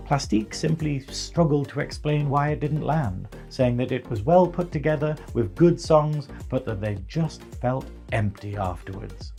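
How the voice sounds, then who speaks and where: A man's voice: mid-range voice, animated, a little slow, gravelly, few pauses, dark tone, soft background music. A man with a northern English accent giving a chatty, wry scripted recap of a drag competition. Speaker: show reviewer. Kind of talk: scripted narration.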